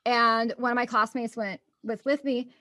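A woman's voice: on the high side, fairly even intonation, normal speed, pushed and bright, no room sound, clean studio sound. A young woman telling stories in a casual chat, bubbly and laughing often.

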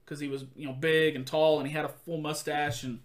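A man chatting casually as a podcast host, an animated storyteller who acts out quotes and laughs often. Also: fairly high pitch, brisk. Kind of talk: casual chat.

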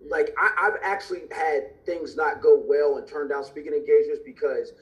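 A man's voice: fairly high pitch, steady tone, normal speed, poor audio. A man guesting on a podcast, candidly and earnestly telling a personal story with emotion.

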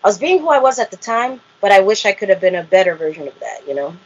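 Husky woman telling an animated story. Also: medium pitch, fast. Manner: animated, acts out quotes, laughs often. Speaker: interview guest, reality show cast member. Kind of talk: candid storytelling interview. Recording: muffled lo-fi audio.

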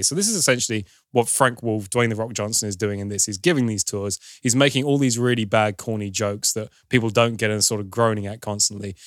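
A man's voice: fairly low pitch, fairly bright tone, dry recording, clean studio sound. Wry man recapping a film. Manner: wry, storytelling, lightly sardonic. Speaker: podcast host recapping a film. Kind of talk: casual film recap chat.

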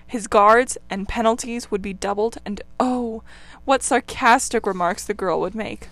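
A woman narrating a classic children's novel in an expressive, dramatic reading. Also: medium pitch, measured pace, no echo. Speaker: audiobook narrator. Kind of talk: storybook narration.

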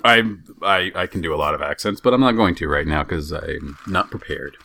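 A man from the western United States, co-hosting a podcast and telling a story in a casual, halting way, with lots of restarts. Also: very deep voice, gravelly. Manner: animated, halting, with many restarts. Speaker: podcast co-host.

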